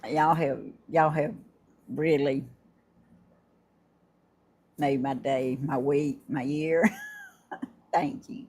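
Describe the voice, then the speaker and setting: An older woman, hosting a casual livestream and chatting warmly and effusively with her viewers, laughing often. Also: rumbling low, level tone, drawn-out words, pauses often, slightly rough. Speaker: livestream host. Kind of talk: casual live chat unboxing gifts.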